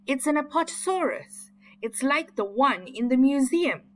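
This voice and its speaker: A woman's voice: sits high, lively intonation, unhurried, slight background noise, pitched above the performer's own voice. A woman voicing Chip, a cautious young boy who scolds and urges the others. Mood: reassuring. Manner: urgent, scolding.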